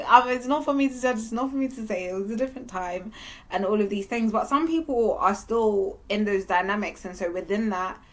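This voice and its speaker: A young woman talking to camera in a candid, animated monologue, sometimes breaking into laughter. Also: mid-range voice. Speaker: vlogger.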